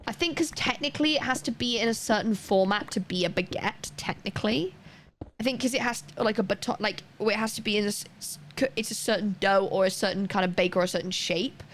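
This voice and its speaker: A woman's voice: mid-range voice, a little fast, a little hiss or hum. A woman, chatting casually and rambling with lots of fillers while she streams a game. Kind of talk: casual chat while gaming.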